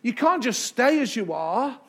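A man preaching as a pastor in a church, emphatic, with dramatic pauses and repetition. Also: very high voice, sing-song. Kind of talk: sermon. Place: church sanctuary.

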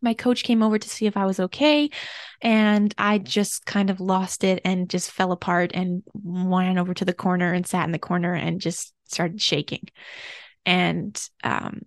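A woman hosting her own podcast, talking gently and earnestly through a personal, confessional reflection at home. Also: on the low side, fairly even intonation, moderate pace, no room sound, studio quality. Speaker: podcast host.

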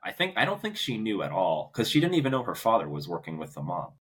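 A young man with a low, slightly husky voice, talking in a loose, hesitant way full of fillers as a podcast co-host. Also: huge pitch swings, fast, fairly bright tone. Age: young adult. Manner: hesitant, lots of "like" and restarts, laughs easily. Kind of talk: casual movie discussion.

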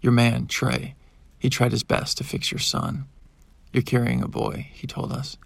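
A man narrating a first-person audiobook with a husky, gravelly voice, acting out the characters and their shouted outbursts. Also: mid-range voice, wildly swooping pitch, a little slow, dry recording.

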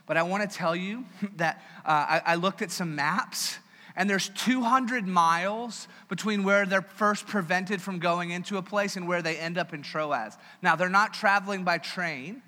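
A man preaching a sermon as pastor, in a conversational, joking and animated manner, in a church hall with a long reverb. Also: high-pitched, normal speed.

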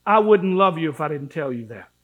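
A man preaching a sermon in a church, impassioned, swinging between shouted warnings and low pleading. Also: lively intonation, fairly quick, phone-quality sound.

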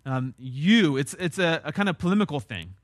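A man's voice: a little high, big pitch swings, quick pace, dry recording, clean studio sound. A young man, preaching a sermon in a conversational, emphatic way. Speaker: pastor.

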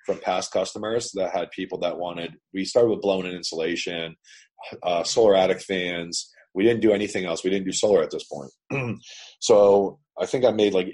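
A man's voice: low voice, darkish tone, husky. A man from Canada, a business owner, telling his story in a blunt, profane, emphatic way over a remote call. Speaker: business owner, interview guest. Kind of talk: casual storytelling. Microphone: remote internet call.

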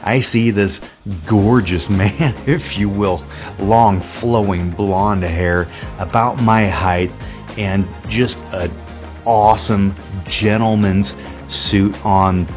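A man's voice: lowish voice, steady tone, slow. A man hosting an unscripted devotional talk as a pastor, telling stories candidly and laughing often. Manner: candid, chatty storytelling with frequent laughs. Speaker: podcast host, pastor. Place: Spokane area. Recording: dull lo-fi recording with faint music.

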